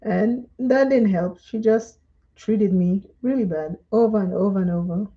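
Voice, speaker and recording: A woman's voice: mid-range voice, measured pace, highs cut off. A woman from Dominica, chatting and telling stories during a live makeup tutorial and laughing often. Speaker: makeup vlogger.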